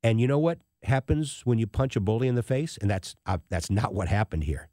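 A man hosting a talk radio show, telling a personal story in an animated way and acting out the people he quotes. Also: mid-range voice, a little fast, no echo, studio quality.

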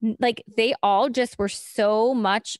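A woman's voice: a little high, steady tone, slow, no room sound, studio quality. A woman co-hosting a sports talk show, giving her opinions in a chatty way with many fillers. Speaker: sports podcast co-host. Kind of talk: casual chat.

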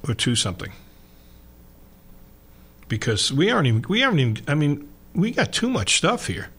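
A man's voice: on the high side, wildly swooping pitch, normal speed, fairly bright tone, husky. A male radio sports show host, chatting loosely with lots of fillers. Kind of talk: casual radio chat.

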